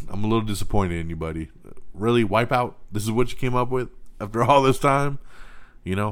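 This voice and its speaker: Male podcast host, low and smooth, casual news-roundup delivery with lots of asides. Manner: chatty and enthusiastic, peppered with "that's right" and "man".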